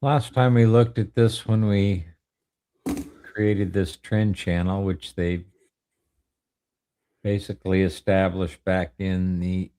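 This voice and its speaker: Man, very deep voice, smooth, methodical technical chart commentary. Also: slow, pauses often. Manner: steady, methodical readout of indicators. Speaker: co-host, technical analyst.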